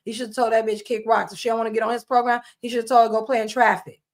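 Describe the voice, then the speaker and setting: Blunt, scolding woman with a high voice. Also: little pitch movement, very fast. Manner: blunt, scolding, repetitive and emphatic. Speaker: commentator. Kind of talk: casual reaction commentary.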